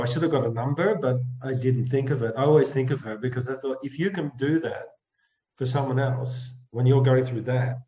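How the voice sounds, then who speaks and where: Man, interview guest, earnest halting storytelling, soft hushed moments, echoey room, dull lo-fi video-call sound. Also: mid-range voice. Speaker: guest, empathy coach. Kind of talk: reflective personal storytelling.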